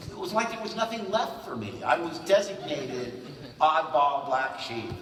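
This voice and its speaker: Heavy background noise surrounds this man in his sixties as he entertains a fan convention panel with stories, voice on the high side. He's animated and jumps into quick character voices, captured distantly in a spacious convention hall.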